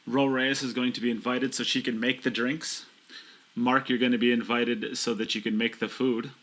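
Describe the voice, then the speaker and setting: A man's voice: mid-range voice, little pitch movement, moderate pace, a bit bright. A man co-commentating on a pool match, playful and full of banter. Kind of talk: live sports commentary.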